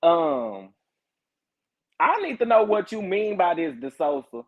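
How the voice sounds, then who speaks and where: A man hosting a casual livestream, reading viewer comments and chatting, animated, laughing often and repeating his phrases with drawn-out exclamations. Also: a little high, breathy edge. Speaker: livestream host. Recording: tinny phone-like audio.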